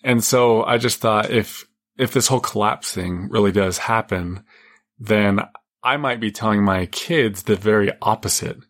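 A man's voice: lowish voice, a little slow, a bit bright. Nasal-voiced man co-hosting a chat. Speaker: podcast co-host. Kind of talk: casual chat.

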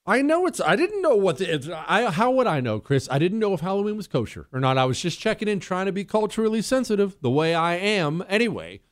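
A male talk radio host with a slightly high voice, recorded dry and close. He hammers home his points by repeating them. He breaks off to tease his co-host. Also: sing-song, fairly quick, hardly any pauses, dry recording. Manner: joking asides, teasing a co-host; emphatic, repeats key phrases.

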